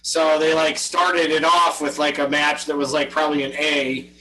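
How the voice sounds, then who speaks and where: A man's voice: fairly high pitch, flat delivery, normal speed, bright, forceful tone, distant mic, poor audio. A middle-aged man co-hosting a casual chat show, chatty and full of fillers. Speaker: podcast co-host.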